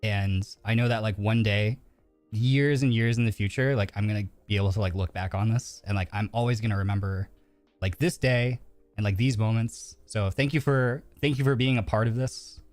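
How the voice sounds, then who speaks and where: A man's voice: lowish voice, steady tone, moderate pace, a little mellow, dry recording. A man streaming live, rambling through heavy fillers, nervous, earnest and openly emotional. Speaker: virtual streamer. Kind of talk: casual live-stream chat. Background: faint background music.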